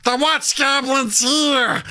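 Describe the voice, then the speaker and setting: A man voicing a gleeful, theatrical male goblin in a high, squeaky put-on voice. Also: fairly even intonation, slow pace, pushed and bright, exaggerated voice.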